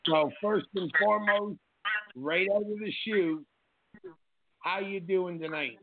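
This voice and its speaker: A co-host of a wrestling talk show, a man with a high-pitched voice, speaks slowly as he introduces and praises his partner, hyped and effusive in casual chat. The recording is dry and comes through a tinny, phone-like line.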